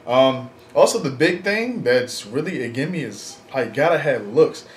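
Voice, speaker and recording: A man's voice: medium pitch, expressive, a little slow. Slangy young man rambling in an echoey room. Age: 20s. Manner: slangy, filler-heavy, frank. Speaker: vlogger. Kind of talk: casual rambling vlog. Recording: echoey room, faint background noise.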